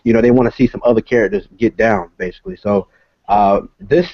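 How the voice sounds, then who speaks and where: A man talks over a video call as a comic creator and guest, explaining in a casual, halting way with plenty of filler sounds. His voice sits low. The call audio is dull and lo-fi, with a dry, close sound. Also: no room sound.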